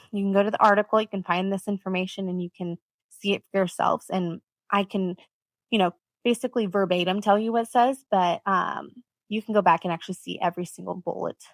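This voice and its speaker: A woman's voice: medium pitch, no echo. A woman hosting her own podcast, talking earnestly and emphatically in a rambling solo monologue with lots of fillers. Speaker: podcast host.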